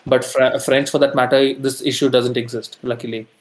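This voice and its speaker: A man from India, a podcast guest talking casually, often pausing with fillers and correcting himself mid-sentence. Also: mid-range voice, flat delivery, low-quality recording. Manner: thoughtful, with frequent fillers and self-corrections. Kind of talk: casual interview conversation. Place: lives in France.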